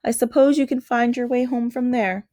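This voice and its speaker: A gentle, fretful male faun speaks with earnest, polite remorse, as a woman reads him aloud. The voice sits a little high and the recording is close and dry, with no room sound. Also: fairly even intonation, moderate pace, dry recording, lightly acted. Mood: urgent. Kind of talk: storybook reading.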